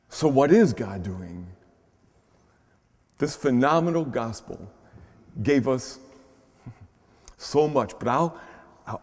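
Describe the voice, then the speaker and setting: American preacher in a reverberant church. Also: male voice, mid-range voice, a little mellow. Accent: American Midwest. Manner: conversational preaching with frequent tag "huh?". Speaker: pastor. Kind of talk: sermon. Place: large church shrine. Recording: long reverb of a large church.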